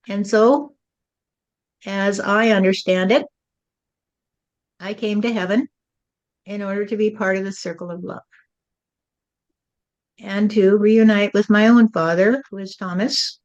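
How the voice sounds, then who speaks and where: A woman's voice: medium pitch, fairly even intonation, measured pace, pauses often, lo-fi sound. A woman acting as a spirit medium, relaying channeled messages in a musing way and often tagging her lines with "you see.".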